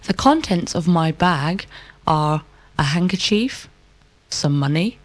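Lowish woman answering in a dry room. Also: animated, slow pace, no room sound. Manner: precise, full-sentence answers. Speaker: model student. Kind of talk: scripted drill answers.

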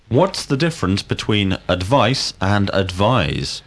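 A man leads a scripted drill. His questions come slowly and deliberately, with a lively rise and fall of pitch. His voice sits a little low. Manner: slow, deliberate, clearly enunciated questions. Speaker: language teacher.

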